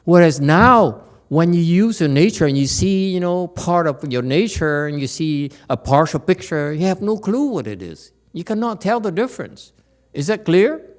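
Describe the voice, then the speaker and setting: A man giving a lecture at a temple, animated and teasing, often checking whether the audience understands. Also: fairly high pitch, normal speed. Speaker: Buddhist teacher. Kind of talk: dharma lecture.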